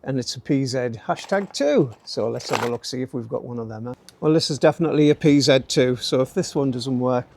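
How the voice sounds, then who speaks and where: A middle-aged man hosts a DIY channel, chatting casually through an outdoor build in a garden workspace under light rain, cracking jokes and leaning on tag questions like "eh?" and "don't you?". His medium-pitched voice is a little fast, creaky and a little mellow, with hardly any pauses. A little hiss or hum sits under the audio.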